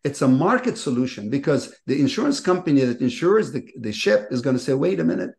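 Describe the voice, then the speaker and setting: A man speaking as the guest economist in a webinar interview, explaining at length in an animated way and posing rhetorical questions over a video call. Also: mid-range voice, a little fast. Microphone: video call microphone. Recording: echoey room on a video call.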